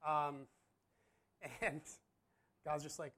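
A man in his thirties with a slightly high voice tells a story from his own life. He is a pastor, and he talks in a candid, self-deprecating way. His speech rambles, and he breaks into laughter often. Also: lively intonation, moderate pace. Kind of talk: casual storytelling.

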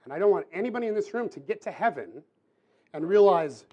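A man preaching a sermon to a room, in a casual, chatty way with quick asides. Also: high voice, expressive, mellow, breathy edge, highs cut off. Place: church hall with audience.

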